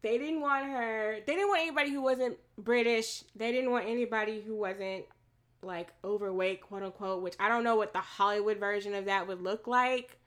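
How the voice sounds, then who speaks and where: A woman with a mid-range voice speaks at a normal pace while co-hosting a podcast. The chat is casual, and she laughs a lot and tells stories with animation.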